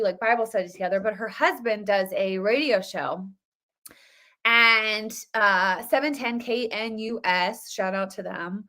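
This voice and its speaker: A woman hosts a casual livestream, chatty and rambling, greeting viewers by name between topics. Her voice is a little high, pushed and bright.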